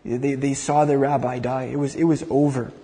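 A man's voice: mid-range voice, level tone, normal speed, mellow. A male preacher telling a story vividly in a sermon, often repeating words as he goes. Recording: long hall reverb.

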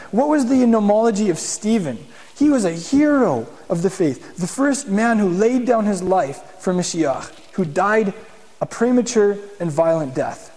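High-voiced man preaching in a reverberant hall. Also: dark tone. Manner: conversational, asks the room questions. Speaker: congregation teacher. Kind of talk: sermon. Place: meeting room with congregation.

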